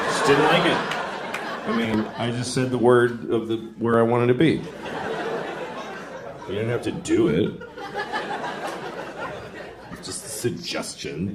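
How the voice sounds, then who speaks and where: A man doing a stand-up comedy set, telling stories deadpan and breaking into loud acted-out voices. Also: medium pitch, very noisy. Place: theater stage before a laughing audience. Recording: roomy live venue with crowd laughter.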